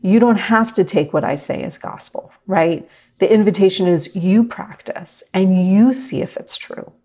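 A middle-aged woman teaching a meditation class, talking gently and reflectively to her students. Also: mid-range voice, unhurried. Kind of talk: guided meditation talk.

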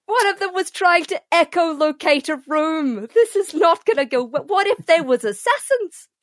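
A woman's voice: extremely high pitch, lively intonation, normal speed, no room sound, studio quality, voice pushed up. A woman voicing a sassy, blunt female robot companion who scolds her teammates with "like" fillers. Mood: scolding. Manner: exasperated, scolding, valley-girl fillers.

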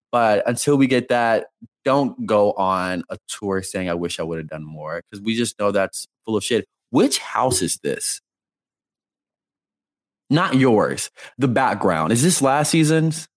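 A man co-hosting a casual chat, talking in an animated way and saying "like" often. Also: medium pitch. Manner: animated, chatty, heavy use of "like". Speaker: podcast co-host.

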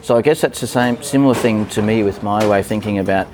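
Hesitant low-voiced man, podcast guest. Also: fast talker, background noise. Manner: hesitant, many fillers and restarts. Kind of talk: casual podcast conversation.

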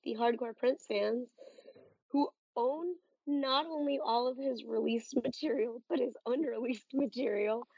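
A husky-voiced woman in her thirties talks at length in casual podcast chat, earnest and rambling. Her pitch sits a little high. The sound is dry and dull, like a lo-fi home recording. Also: mellow, no echo. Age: 30s. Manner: rambling, earnest, quick asides. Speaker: podcast co-host.

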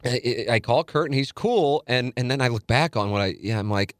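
A man from South St. Louis telling a story in a casual interview, animated and fond of acting out what people said. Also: mid-range voice, moderate pace, dry recording, studio quality. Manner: animated storyteller who acts out quotes. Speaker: sports radio co-host and guest.

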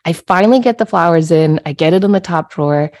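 Podcast host, middle-aged woman, lower voice, animated conversational storyteller. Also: quick pace. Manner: animated, acts out her own yelling with laughs.

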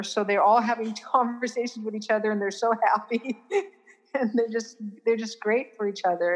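A middle-aged woman at an ordinary pitch talks earnestly about caring for a family member. Her sentences restart and fade to a murmur. A long reverb hangs behind her voice. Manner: warm, earnest, trailing off into quiet restarts. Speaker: family caregiver, guest. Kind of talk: interview conversation. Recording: long reverb in a hall-like room.

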